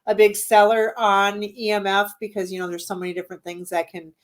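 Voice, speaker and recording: Speaking a little fast in a mid-range voice with little pitch movement, a woman from the Midwestern United States rambles with many ums. She owns a haunted venue and is a guest in a casual interview chat.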